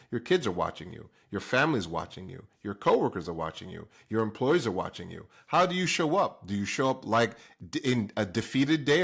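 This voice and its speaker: Man from Jamaica, fairly low voice, hosts a motivational talk, punchy questions aimed at the audience. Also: a bit bright. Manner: emphatic, fires rhetorical questions at the listener. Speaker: host.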